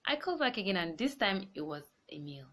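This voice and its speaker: A woman, telling a personal story in an animated, exasperated way. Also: mid-range voice, fast talker. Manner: animated, rising into exasperated outbursts. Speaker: vlogger. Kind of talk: casual storytelling to camera.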